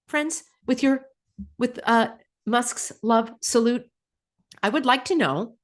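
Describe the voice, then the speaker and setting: A woman hosting her own channel, talking casually to viewers and reading their comments aloud. She is sarcastic, fires off rhetorical questions with laughing asides, and her voice jumps up on mocking remarks. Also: slow. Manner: animated, pitch jumping up on mocking remarks. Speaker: channel host.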